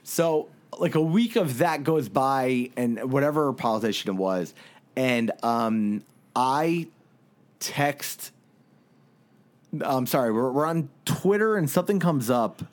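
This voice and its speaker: A man's voice: medium pitch, animated, slow. A man co-hosting a podcast, telling a rambling anecdote with lots of fillers and laughs in a casual chat. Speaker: podcast co-host.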